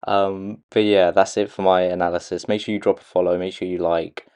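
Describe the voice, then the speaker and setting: A man casually breaking down a movie trailer for his channel, pausing often with "um"s and restarting his sentences. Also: low voice, little pitch movement, darkish tone, clean tone. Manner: hesitant, many "um"s and restarts. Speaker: video creator analysing a movie trailer. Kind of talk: casual commentary.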